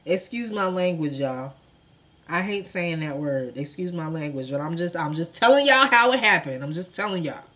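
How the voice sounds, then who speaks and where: Young woman, casual storyteller, fairly low voice, animated, profane, loud bursts on quotes. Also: normal speed. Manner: animated, profane, acts out quotes with big swings in loudness. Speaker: true crime storyteller.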